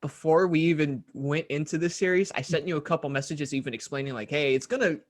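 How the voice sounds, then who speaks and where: Young guy cohosting a podcast, slightly high voice, stumbles over words, laughs a lot. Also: fast. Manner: stammering, repeats words often, laughs easily. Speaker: podcast co-host. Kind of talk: casual chat.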